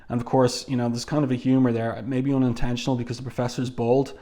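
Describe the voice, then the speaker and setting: A man talks through a comic book review in a casual, chatty way. He makes frequent asides and uses plenty of fillers. His voice sits in an ordinary middle pitch. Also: flat delivery, fast, dark tone. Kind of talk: casual review with read-aloud quotes.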